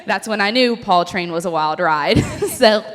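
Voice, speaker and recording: A woman's voice: lowish voice, a bit bright, faint music behind. Heartfelt woman speaking in a hall. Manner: heartfelt, pausing, laughing between thanks. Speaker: graduating student giving a speech. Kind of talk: emotional graduation speech. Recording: long hall reverb.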